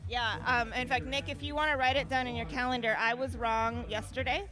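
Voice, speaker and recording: A woman's voice: on the high side, steady tone, fairly quick. A woman giving playful, chatty color commentary at a water-ski show. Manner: chatty, playful, self-deprecating. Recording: loud music playing behind.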